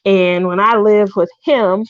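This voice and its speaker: A middle-aged woman hosting a craft livestream, chatting casually and telling animated stories while laughing often. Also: mid-range voice, a little slow. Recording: dull dry lo-fi stream audio.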